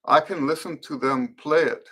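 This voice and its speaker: In a live-streamed Q and A for trumpet players, a middle-aged man talks through his answers thoughtfully and without hurry, with fillers and restarts. His pitch is a little high and his tone fairly bright.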